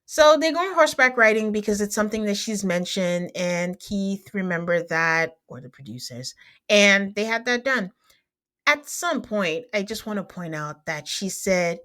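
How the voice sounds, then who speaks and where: A woman's voice: mid-range voice, animated, normal speed, a bit bright. A woman hosting a podcast, recapping a reality show in casual chat, teasing and laughing often.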